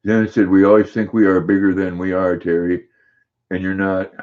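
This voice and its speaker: An older man with a fairly low voice hosts a relaxed livestream. He reads viewers' comments aloud and greets each person by name in an unhurried, easygoing way. The sound is dull and lo-fi, like a home stream. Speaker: livestream host.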